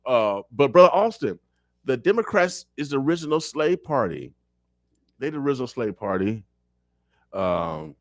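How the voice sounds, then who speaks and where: A man's voice: mid-range voice, very animated, normal speed, gravelly, long pauses, no room sound, clean studio sound. A man speaking as a radio show guest, talking politics in a fiery, preacher-like way and repeating phrases for emphasis. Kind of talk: impassioned political talk. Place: radio studio.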